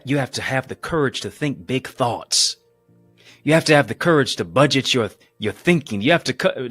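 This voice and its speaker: A man's voice: breathy edge, no room sound. Emphatic preaching male motivational speaker. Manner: emphatic, repetitive and rhythmic, swinging between booming and hushed; addresses live viewers as family.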